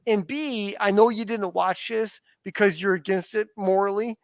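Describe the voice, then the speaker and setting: A man's voice: high-pitched, moderate pace, no echo. Rambling man in casual chat. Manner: rambling, restarts, swears casually. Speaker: podcast co-host.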